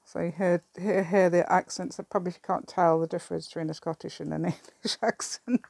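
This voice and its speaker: A woman's voice: fairly low pitch, steady tone, brisk, gravelly, darkish tone, dry recording. A middle-aged woman chatting casually while she crafts, rambling, laughing often and muttering asides to herself. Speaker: craft video maker.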